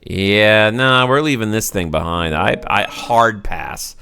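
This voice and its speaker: His lowish voice is expressive and slow, with vocal fry, and the recording is clean. The man, in his thirties with a Southern US accent, comments on his let's play gameplay while talking to viewers, often frustrated and given to loud outbursts.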